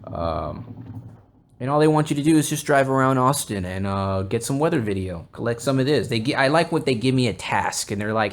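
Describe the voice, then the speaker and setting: A young man on a podcast tells a long story in a loose, rambling way. He swears constantly and gets animated. His pitch sits right in the middle. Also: fairly quick. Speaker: podcast host. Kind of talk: casual storytelling.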